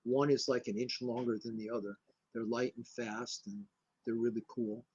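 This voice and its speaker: An older man from Connecticut, a martial arts grandmaster, telling rambling, animated anecdotes in a casual interview. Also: medium pitch, moderate pace, slightly rough, muffled recording. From Connecticut, USA.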